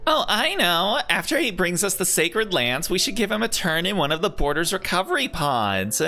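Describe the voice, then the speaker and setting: A chatty young traveling companion, read by a man in a bright, clear voice close to his own. The companion sounds concerned but keeps talking easily. Soft music runs behind. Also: high voice, very animated, moderate pace, pitched above the performer's own voice, heavily acted.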